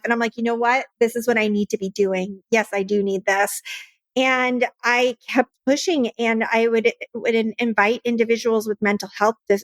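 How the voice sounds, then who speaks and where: Woman guest on a podcast, higher pitched, dry close sound, earnest storytelling, does the voices of her old convos. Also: no room sound. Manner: earnest, acts out her own past dialogue. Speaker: nonprofit founder, podcast guest. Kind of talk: personal storytelling in an interview.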